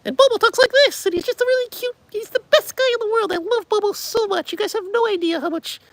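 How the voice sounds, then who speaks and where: A man voicing a sweet male stuffed toy monkey in a very high, squeaky, cutesy voice during a livestream chat. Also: fast talker, a bit bright, dry recording. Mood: adoring.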